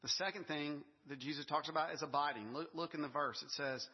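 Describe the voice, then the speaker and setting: A man's voice: fairly high pitch, fairly quick, hardly any pauses, slightly rough. A male pastor giving a sermon in a conversational storytelling way, with light laughs and asides. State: briefly choked up with emotion. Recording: dull long reverb of a large hall.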